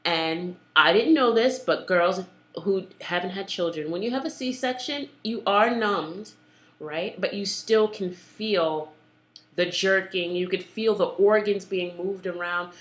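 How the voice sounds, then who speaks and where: A young woman tells her own birth story in a candid, blunt and animated way. Her voice sits fairly low yet sounds bright and forceful. The recording carries a roomy echo. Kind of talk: emotional personal storytelling.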